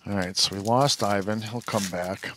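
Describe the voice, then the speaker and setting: A man's voice: on the low side, fairly even intonation, normal speed, fairly bright tone, slight background noise. A man co-hosting a live trading card show, reading out card pulls in an upbeat, casual way. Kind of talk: live card box break chat.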